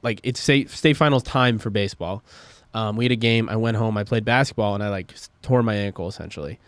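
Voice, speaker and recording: A man's voice: lowish voice, brisk, no room sound. A young man co-hosting a podcast, telling rambling stories full of fillers and swearing in casual chat. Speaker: podcast co-host.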